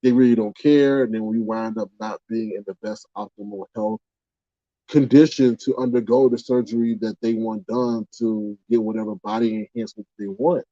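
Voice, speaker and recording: A man chatting casually on a livestream in a dark, mellow voice, rambling and exclaiming with indignant rhetorical questions. The room sounds dry and close, and the recording comes through dull and muffled. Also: medium pitch, expressive, moderate pace, vocal fry, no echo. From United States. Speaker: livestream host reading chat.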